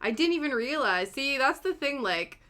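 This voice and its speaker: A young woman with a British accent softened by years in Canada, chatting casually on a live stream while she cross-stitches. She rambles, fills her talk with "like," and laughs easily. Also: high-pitched, lively intonation, moderate pace. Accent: British, softened by long years in Canada. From Britain. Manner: chatty and rambling, heavy with "like" fillers and easy laughs.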